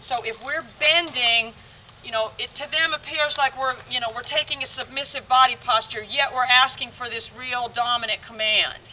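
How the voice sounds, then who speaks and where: A woman dog trainer walks viewers through an outdoor training lesson, explaining each step plainly. Her voice is very bright, and it is picked up from a distance with a faint hiss in the background. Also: fairly high pitch, steady tone, moderate pace. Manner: explains steps plainly, addresses viewers directly. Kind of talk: instructional training demo. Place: outdoors on a rural training field.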